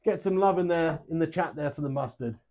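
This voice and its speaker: A young man chatting casually on a live stream, rambling, swearing freely and getting animated. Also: on the high side, a little fast.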